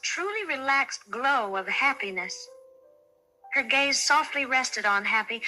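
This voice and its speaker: A woman narrating a children's bedtime story in a soft, soothing way. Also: high-pitched, low-quality recording. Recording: narration over soft music.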